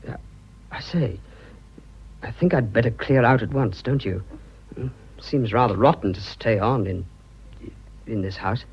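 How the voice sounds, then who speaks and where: A man's voice: mid-range voice, a little slow, pauses often, slightly rough, dull audio. An actor playing an earnest, flustered young businessman declaring his love, stammering in clipped upper-class British speech in a radio drama. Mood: subdued.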